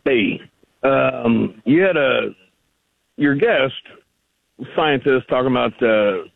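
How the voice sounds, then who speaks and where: A man's voice: mid-range voice, animated, slow, vocal fry, no room sound. A man calling in to a radio show, pressing his argument persistently in loose, rambling sentences. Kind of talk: phone-in radio conversation. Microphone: telephone. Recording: tinny phone line.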